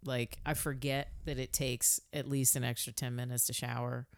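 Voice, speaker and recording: A woman speaks in a strikingly deep register, relaxed and frank in casual podcast chat. She swears offhandedly and talks through things at an easy pace. The recording is close and dry, with no room sound. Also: moderate pace, no room sound. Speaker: podcast co-host.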